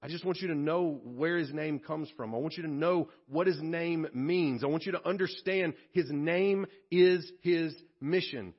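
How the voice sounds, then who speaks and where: Male pastor, sermon, high voice, husky, earnest and conversational, dull lo-fi recording. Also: moderate pace, few pauses. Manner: earnest, conversational, with frequent restarts and asides. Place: church worship service.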